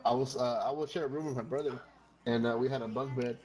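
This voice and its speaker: A man's voice: medium pitch, steady tone, fast talker, a crowd in the background, rough recording. Rambling, cursing gamer man telling a story. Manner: rambling, swears often, slips into Spanish phrases. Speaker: gamer chatting with friends. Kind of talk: casual storytelling chat.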